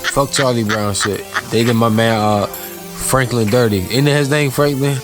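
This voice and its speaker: A man's voice: medium pitch, normal speed. A man from Maryland hosting a podcast in a loose, rambling, slangy way. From Maryland, USA. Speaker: podcast host. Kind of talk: casual podcast chat. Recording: music playing under the voice.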